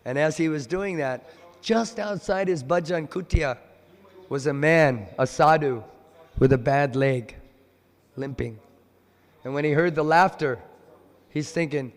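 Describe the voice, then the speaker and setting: A man giving a devotional lecture in a temple, an animated storyteller who acts out the voices of the people in his stories. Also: fairly high pitch, moderate pace, pauses often. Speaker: visiting speaker at a temple. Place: temple hall. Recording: long temple hall reverb.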